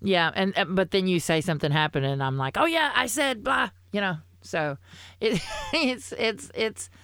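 A woman co-hosting a podcast in casual chat, rambling and halting with many restarts, swearing freely. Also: fairly low pitch, lively intonation, clear, resonant tone, no echo. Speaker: podcast co-host.

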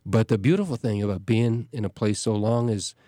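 A middle-aged man, a parish priest hosting a show, talking casually in a halting way with many restarts and fillers. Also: lowish voice, mellow, no room sound, studio quality. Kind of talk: casual talk.

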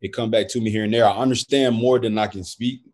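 A man's voice: on the low side, fairly even intonation, fast, darkish tone. A man with an American accent in a casual chat, laid-back and slang-heavy, joking and emphatic.

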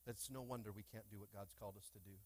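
Energetic man preaching with call-and-response. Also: lowish voice, very fast. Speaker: pastor. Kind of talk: sermon. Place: church sanctuary.

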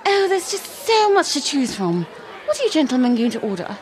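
A woman's voice: sits high, very animated, a little fast, a faint crowd. A woman playing a snappy grumpy diner. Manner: snappy, complaining. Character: impatient, grumpy adult female diner.

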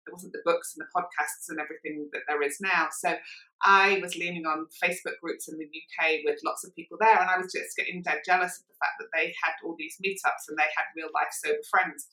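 A woman's voice: sits low, fairly even intonation, quick pace, pushed and bright, reverberant, poor audio. A woman, a sobriety coach talking frankly and earnestly as a podcast guest. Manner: earnest, forthright, plain-spoken. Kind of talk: casual podcast conversation. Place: lives in Perth, Australia.

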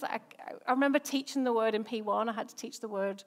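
A middle-aged English woman, a senior pastor, preaches in a relaxed, conversational way, often stopping to put questions to the congregation. Her voice is a little higher than most women's, and her English accent has softened from years living in Northern Ireland. She talks quickly with hardly any pauses, chatty and prone to restarts and rhetorical questions.

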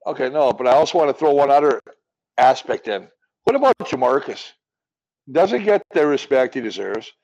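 A man, a former offensive lineman co-hosting a casual sports chat, telling rambling, animated stories. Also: mid-range voice, moderate pace, lo-fi sound. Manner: rambling storyteller, animated tangents.

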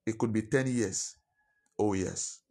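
A man's voice: fairly low pitch, takes it slowly, vocal fry, dark tone. A man preaching a sermon, stressing points and repeating key phrases.

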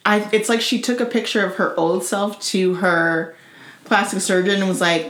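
A woman co-hosting a casual chat in an animated, gossipy way. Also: mid-range voice. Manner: animated, gossipy, quick reactions. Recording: roomy echoey room.

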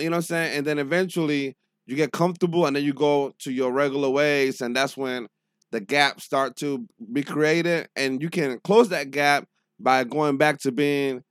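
A man's voice: fairly high pitch, steady tone, moderate pace, clear, resonant tone, no room sound, clean studio sound. A man co-hosting a podcast, talking in loose, slangy, run-on thoughts. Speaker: podcast co-host. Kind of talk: casual chat.

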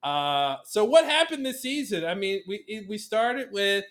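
A man's voice: high-pitched, expressive, fairly bright tone. A man co-hosting a podcast in casual chat, joking around with puns and poking fun at himself. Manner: jokey, punning, quick to self-mock. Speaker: podcast co-host.

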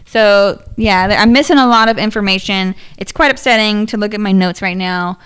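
A woman in her thirties co-hosts a casual podcast, talking loosely with a swear here and there. Her voice is smooth and clear, at a middle pitch for a woman. She runs through her notes with an easy, offhand delivery. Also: moderate pace, a bit bright. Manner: chatty, swears casually, reads credits off notes. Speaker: podcast co-host. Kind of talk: casual chat.

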